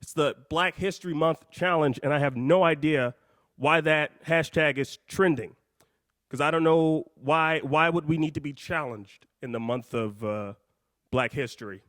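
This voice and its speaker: A man hosting a live call-in show, out of breath, talking in a hyped, jokey, rambling way that swings between loud and soft. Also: fairly high pitch, moderate pace, no echo, clean studio sound.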